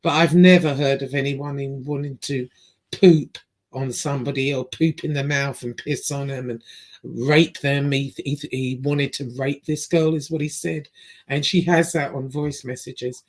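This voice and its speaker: A woman's voice: a bass voice, fairly even intonation, measured pace, a little mellow. A woman hosting a reaction commentary channel, talking bluntly and rambling with fillers and restarts.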